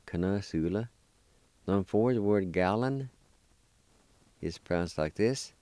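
A man hosting a radio language lesson, spelling and repeating words slowly and carefully. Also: low voice, mellow, dry recording. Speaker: language teacher and program host.

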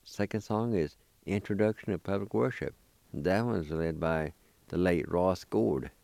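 A man hosting a radio language lesson, spelling and repeating words slowly and carefully. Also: low voice, vocal fry, dark tone, no echo. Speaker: language teacher and program host.

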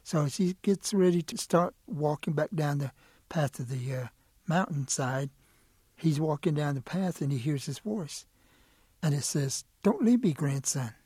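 A middle-aged male storyteller with a husky, slightly high voice tells a folk tale in plain, steady words. The recording is close and dry. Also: unhurried, no room sound. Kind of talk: oral storytelling.

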